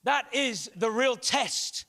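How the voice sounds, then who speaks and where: Pastor guy preaching in a big church hall, high pitched, slow, gets shouty, echo hangs around. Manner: impassioned preaching with rising shouts. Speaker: guest pastor. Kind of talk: sermon.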